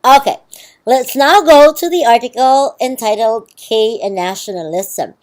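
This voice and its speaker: A woman's voice: a little high, measured pace, a little mellow. Woman lecturing, checking in often. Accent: Filipino. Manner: explanatory, checks understanding with "okay" and "right". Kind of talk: recorded university lecture.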